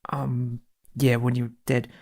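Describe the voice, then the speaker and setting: A man playing a tabletop game in character, speaking hesitantly and halting with many ums. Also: medium pitch, flat delivery, a little mellow. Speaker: player.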